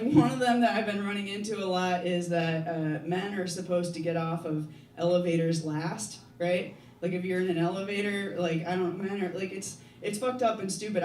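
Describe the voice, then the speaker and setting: A young adult stand-up comedian with a rambling, self-deprecating delivery who laughs at their own jokes. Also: medium pitch. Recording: echoey noisy room from a distance.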